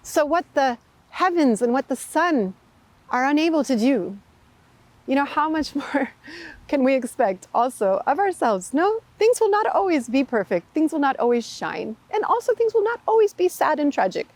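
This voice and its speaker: A woman meditation teacher telling a story and giving a spiritual talk in a lively, expressive way. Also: high-pitched, normal speed.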